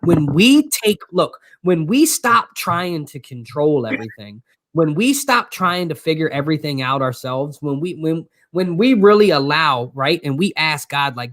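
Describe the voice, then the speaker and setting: A man co-hosting a motivational faith talk, speaking with energetic, preacherly fervor and a habit of repeating his phrases. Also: fairly high pitch, unhurried, no room sound, clean studio sound. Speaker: co-host.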